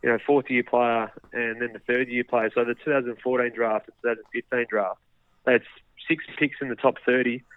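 A man's voice: mid-range voice, little pitch movement, fairly quick, dry recording. A man, a guest football journalist, talking casually on radio with lots of hedging fillers and restarts. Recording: tinny phone line.

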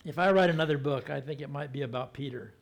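A man giving a sermon in a conversational, storytelling manner, often acting out the people in his stories and sometimes slowing to a soft, hushed voice for emphasis. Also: fairly high pitch, vocal fry. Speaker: pastor.

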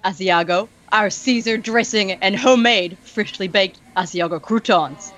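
A woman's voice: mid-range voice, a little slow, a bit bright, muffled recording. A woman reading a menu aloud with friends in a playful, giggly way, cracking jokes between items.

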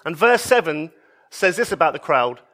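A man preaching a sermon, expressive, moving between emphatic raised passages and soft, low ones. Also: normal speed.

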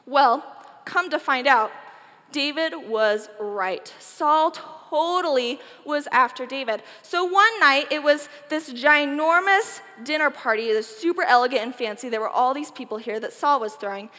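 A woman's voice: high-pitched, normal speed, big-room sound. A woman giving a chatty, joking youth talk, retelling a Bible story casually. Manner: animated, chatty, jokey. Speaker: youth speaker.

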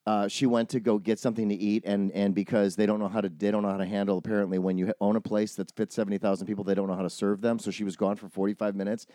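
A man's voice: lowish voice, level tone, very fast, few pauses, mellow, no room sound. A middle-aged man co-hosting a podcast, telling a story in casual chat, acting out quotes and swearing freely. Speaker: podcast co-host.

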